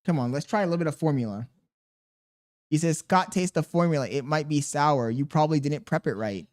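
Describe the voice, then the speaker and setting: A man's voice: on the high side, brisk, a little mellow. A man livestreaming casually, coaxing a baby in baby talk, reading viewer messages aloud and bantering with loose, profane slang. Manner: reads viewer messages aloud between remarks.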